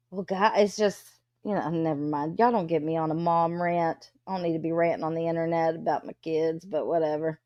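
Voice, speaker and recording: Reading viewer comments aloud during a casual livestream chat, the host speaks bluntly and swears freely. She has a mellow, lowish voice, and the lo-fi recording carries no room sound.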